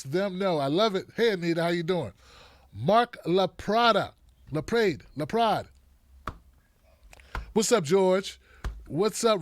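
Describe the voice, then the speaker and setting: A man hosting a live online show, greeting viewers by name in a casual, playful way, with a dry throat that he keeps clearing. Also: high voice, no echo. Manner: lively and animated, playful asides to viewers.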